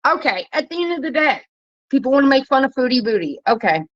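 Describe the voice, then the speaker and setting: A woman's voice: very animated, fast. A woman rants bluntly and profanely, wandering from point to point, her voice climbing sharply when she gets fired up. The sound is a little dull and lo-fi, like a basic home setup. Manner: blunt, profane, rambling, rising pitch when worked up. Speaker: commentary vlogger. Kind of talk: casual ranting commentary.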